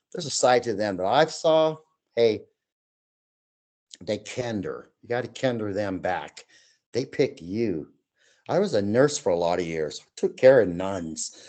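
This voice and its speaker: A man in his sixties, a guest telling his own stories in a casual chat, animated and acting out voices and sounds as he goes. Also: on the low side. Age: 60s.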